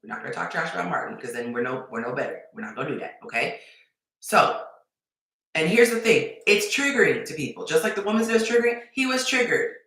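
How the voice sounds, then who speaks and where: A woman dating coach giving advice on a live stream, emphatic and repetitive with sudden excited bursts. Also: fairly low pitch, fast talker. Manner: emphatic, repeats points, animated bursts. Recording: very echoey room.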